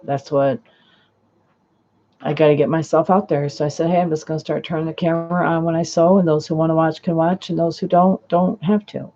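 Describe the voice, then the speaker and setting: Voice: medium pitch, little pitch movement, brisk, mellow. A person chatting casually on a home sewing live stream, rambling and often trailing off to restart a sentence. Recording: dull lo-fi live-stream audio.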